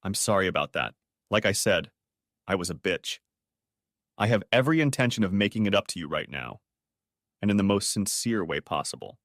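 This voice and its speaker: A man's voice: low-pitched, lively intonation, a little fast, pauses often, a bit bright, dry recording, studio quality. A man voicing a sly young wife who talks in a coy, teasing way in an audiobook story.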